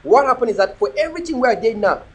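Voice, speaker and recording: A man with a Cameroonian English accent speaks to viewers in a very high, expressive voice with a breathy edge, racing along. A motivational speaker on a casual livestream, he repeats words for emphasis while filming himself outdoors on a phone he turns. The audio is poor.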